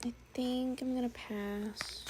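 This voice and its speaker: A woman chatting casually as she sorts through her things, musing and thinking aloud, sometimes dropping to a soft whisper. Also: fairly high pitch, steady tone, slow pace, noisy background. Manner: drops to a soft whisper at times. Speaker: sewing vlogger. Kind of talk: casual narration while sorting.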